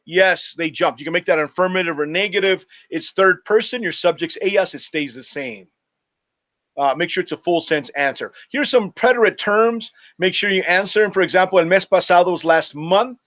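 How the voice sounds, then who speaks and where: A man with a fairly high voice teaches a recorded online class. He explains grammar step by step, repeats important points and drops in a frequent "uh". The audio is dull and lo-fi, as from a computer microphone. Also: moderate pace, fairly bright tone. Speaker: Spanish teacher.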